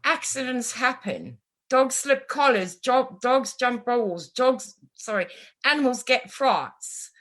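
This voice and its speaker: A woman guest on an interview podcast, a lively storyteller chatting casually and acting out what others say. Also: high voice, slow pace. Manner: lively storyteller, acts out quotes. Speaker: guest, animal communicator.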